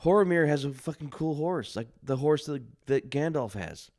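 A man co-hosting a podcast, chatting in a relaxed, rambling way and swearing freely. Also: a little high, moderate pace. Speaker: podcast co-host. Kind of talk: casual podcast chat.

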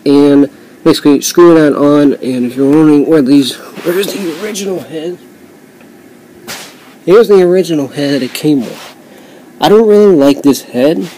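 A man's voice: fairly high pitch, a little mellow, poor audio. A man with a slightly raised voice talks through a home toy review in a loose, rambling way, full of fillers and self-corrections. He drifts off the camera mic now and then as he handles the figure, over a faint background hiss. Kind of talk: casual hands-on toy review.

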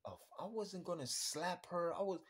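A man hosting a podcast, ranting bluntly and crudely, swinging between muttering and loud outbursts. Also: sits high, lively intonation, normal speed, noisy background. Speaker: podcast host. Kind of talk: casual podcast rant.

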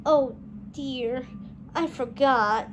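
Fauna, a gentle fretting fairy, as a woman reads her. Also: high-pitched, very slow, slight background noise. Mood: fretful.

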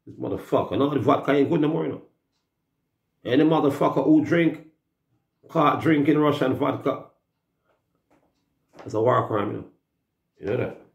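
A man with a Jamaican accent on a loud, mocking, profanity-filled rambling rant. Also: on the high side, brisk, creaky, long pauses, dull audio. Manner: loud, cursing, mocking, laughing. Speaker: music artist. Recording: roomy echo.

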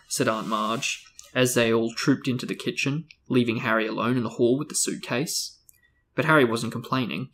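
A man hosting a book discussion, reading a novel aloud with steady, even storytelling. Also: medium pitch, normal speed.

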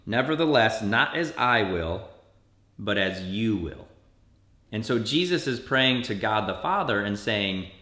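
Animated man preaching to kids. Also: reverberant. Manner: animated storytelling, acting out quotes with big pitch jumps. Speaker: children's pastor. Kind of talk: kids' church sermon.

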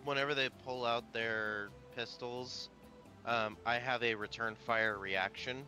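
Man, tabletop player, deliberate, very slow, very bright. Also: medium pitch, steady tone, soft background music. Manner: deliberate, careful questions. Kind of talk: tabletop game play.

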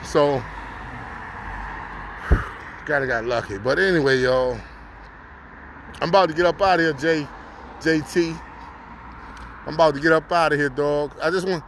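Guy vlogging on the street, bright kinda high voice, slangy and loose, little street noise behind. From North Carolina. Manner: laid-back slangy street talk, laughs often. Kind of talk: casual vlog talk to camera. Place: outdoors on a city street.

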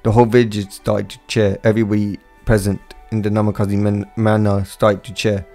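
A man's voice: on the low side, flat delivery, brisk, warm tone, faint music behind. A man narrating a fan fiction story in an unpolished reading with frequent slips and restarts.

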